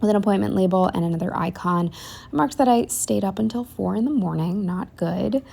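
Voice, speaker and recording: A woman's voice: medium pitch, fairly quick, creaky, warm tone, husky. A young woman chatting casually through a planner voiceover, rambling with lots of ums and likes. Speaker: planner vlogger.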